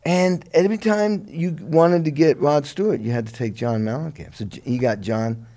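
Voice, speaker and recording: A middle-aged musician telling his career story in a relaxed interview, lively and a bit profane, laughing along. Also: on the high side, moderate pace. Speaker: guest musician.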